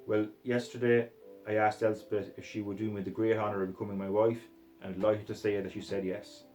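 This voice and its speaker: A man voicing a smarmy, posh young man who is proposing marriage in a storybook reading, speaking slowly and formally. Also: lowish voice, flat delivery, dark tone, faint music behind, lightly acted, low-quality recording. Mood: smug. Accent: put-on posh voice.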